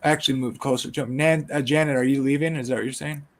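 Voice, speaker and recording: A man's voice: mid-range voice, steady tone, fast talker. A man in a casual online group chat, talking hesitantly with many restarts.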